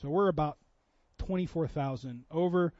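A man's voice: on the high side, moderate pace, no echo, highs cut off. A man preaching a sermon in a church, telling a story in a conversational way that builds to impassioned preaching. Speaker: pastor.

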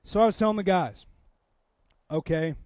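High-voiced pastor preaching. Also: male voice, moderate pace, darkish tone, no echo, highs cut off. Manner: conversational, builds to impassioned preaching. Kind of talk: sermon storytelling. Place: church.

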